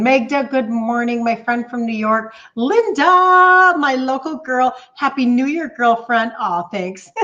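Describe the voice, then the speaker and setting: A woman in her fifties, a health coach chatting warmly and excitedly with viewers on a live stream, reading out their comments. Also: fairly high pitch. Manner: bubbly, gushing, reads out viewer comments. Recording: slightly dull lo-fi stream audio.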